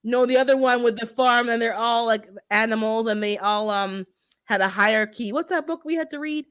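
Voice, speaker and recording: A woman co-hosting a gardening live stream, chatting casually and telling stories with lively acted-out bits. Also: a little high, a little fast, clear, resonant tone. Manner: animated storyteller, acts out animal sounds. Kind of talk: casual chat.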